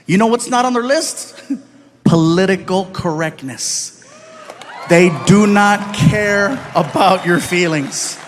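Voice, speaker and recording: Brief: a high-pitched American comedian, lively storytelling, faint background hum. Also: male voice, slow pace. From United States. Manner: animated, acts out voices, swings between loud and soft. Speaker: stand-up comedian. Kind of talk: stand-up storytelling. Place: live comedy stage.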